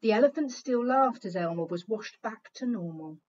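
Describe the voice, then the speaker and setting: A woman's voice: mid-range voice, lively intonation, moderate pace, few pauses, a little mellow, highs cut off. A woman teacher reading a picture book aloud to young children, telling the story expressively and pointing out the pictures as she goes.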